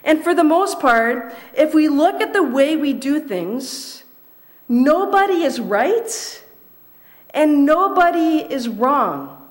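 Young female preacher, high voice, unhurried measured delivery, repeats key lines. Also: expressive. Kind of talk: sermon.

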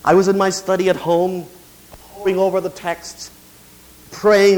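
A middle-aged man preaching a sermon in a notably high voice. He talks in a quiet, confiding way when telling a story, then slows down to stress each phrase as he proclaims. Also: flat delivery, poor audio. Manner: swings from quiet confiding to slow emphatic declaration. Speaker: pastor.

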